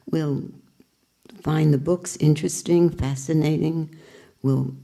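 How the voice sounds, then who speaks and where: A woman teacher gives a spiritual talk, slow and reflective. Her voice is low and gravelly, with a dark, mellow tone, and she speaks in earnest, unhurried phrases.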